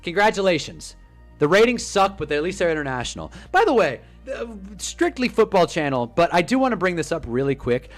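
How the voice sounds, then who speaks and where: A young man hosting a casual football livestream, animated and rambling, joking as he reacts to chat. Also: on the high side, faint music behind. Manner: animated, rambling, quick to joke.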